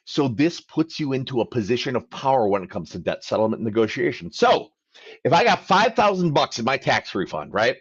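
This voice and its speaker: Animated man explaining with lively pitch. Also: a little fast, slightly rough, dry recording, lo-fi sound. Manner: emphatic, acts out both sides of phone calls. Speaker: credit coach hosting a live Q&A. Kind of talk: livestream Q&A talk.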